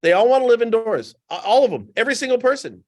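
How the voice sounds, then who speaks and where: A man with a fairly high voice talks as a guest on a casual podcast. He tells stories with animation and drives points home by repeating them. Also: fast talker. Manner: animated anecdotal storytelling; emphatic, repeats points for effect.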